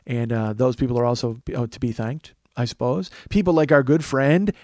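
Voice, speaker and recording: A man's voice: medium pitch, steady tone, moderate pace, darkish tone, dry recording. A man in his forties hosting a comedy podcast, rambling, self-mocking and crude in casual chat. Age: 40s. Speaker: podcast host.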